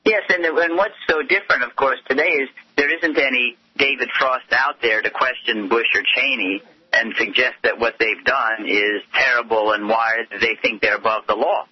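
Indignant husky man on a phone line. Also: mid-range voice, moderate pace. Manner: impassioned, indignant argument. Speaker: guest commentator. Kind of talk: talk radio interview.

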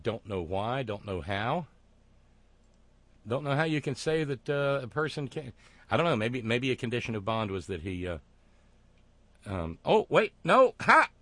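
Male show host, mid-range voice, sardonic and halting, dry and close. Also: medium pitch, expressive, no room sound. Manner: sardonic, wry, halting with fillers. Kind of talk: sardonic monologue commentary.

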